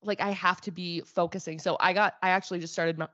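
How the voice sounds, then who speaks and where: A young woman from Utah chats casually as a podcast co-host, rambling and laughing at herself. Her voice sits on the low side. The recording is dry and a little muffled. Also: fast talker, no room sound. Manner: rambling, animated, self-deprecating. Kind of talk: casual chat.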